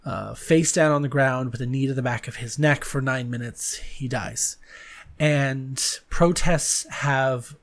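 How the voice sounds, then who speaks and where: A man's voice: medium pitch, a little slow. A man hosting a podcast, talking frankly in a casual monologue that turns earnest and heated. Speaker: podcast host.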